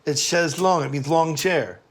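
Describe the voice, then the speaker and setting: A man, a guest in a casual chat, lively and quick to slip into mock voices. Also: on the high side. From Brooklyn, New York. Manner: animated, slips into mock voices.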